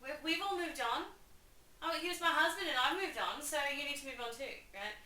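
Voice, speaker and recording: A woman's voice: high voice, animated, fairly quick, pushed and bright, voice pushed up. A woman voicing a smug royal couple who brush things off impatiently. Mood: dismissive. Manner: flippant, impatient. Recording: echoey room, distant mic, faint hiss.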